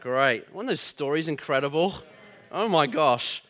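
A man preaching a sermon as pastor in a church, telling stories warmly and acting out the voices in his quotes. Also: fairly high pitch, normal speed. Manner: warm storytelling with lively voiced quotes. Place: church hall.

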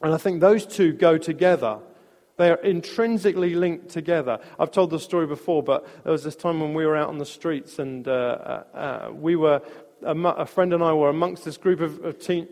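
A man preaching a sermon, telling a story in a conversational way with restarts and soft laughs. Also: on the high side, moderate pace. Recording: long reverb of a large hall.

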